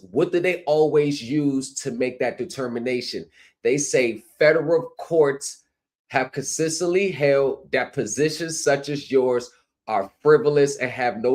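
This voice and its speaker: A man's voice: mid-range voice, a little mellow. A man hosting a livestream, lecturing his viewers with repeated rhetorical phrases. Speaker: streaming commentary host. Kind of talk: livestream commentary.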